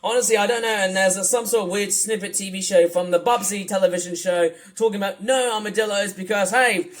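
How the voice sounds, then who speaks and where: A man's voice: sits high, steady tone, fairly quick, few pauses. A man giving rambling reaction commentary, exasperated and full of swearing. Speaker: video commentator.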